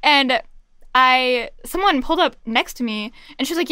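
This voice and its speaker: A podcast co-host in casual chat, she tells stories with animation and breaks into laughter. Her voice sits high and bright. The recording is dry and close. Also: a little slow, smooth, no room sound. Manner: animated storyteller, laughs through lines.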